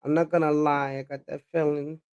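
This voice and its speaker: A woman's voice: low voice, level tone, a little fast, a little mellow, clean tone, highs cut off. A woman livestreaming a blunt, profane monologue that lectures her viewers. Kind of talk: ranting live-stream monologue.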